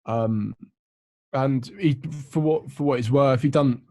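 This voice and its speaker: A man's voice: mid-range voice, unhurried, background noise. A young man talking football in a casual chat with friends, earnest and long-winded, with many fillers. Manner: earnest, explains at length with fillers. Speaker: co-host.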